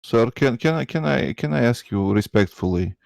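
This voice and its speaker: A man debating in English as a second language, excited and stammering, repeating words as he argues. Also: medium pitch, normal speed, gravelly, dry recording. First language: not English. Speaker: debate guest. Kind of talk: live online debate.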